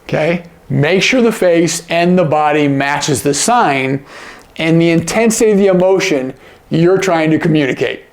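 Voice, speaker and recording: A man with a fairly high, animated voice teaches sign language at a normal speed. He explains casually while demonstrating and keeps checking in with "okay?"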